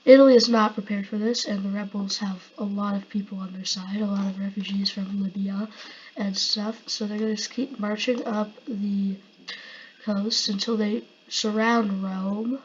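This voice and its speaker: A woman's voice: mid-range voice, flat delivery, measured pace, slightly rough, muffled recording. A woman casually narrating an imagined war over a map, rambling and loose, with fillers.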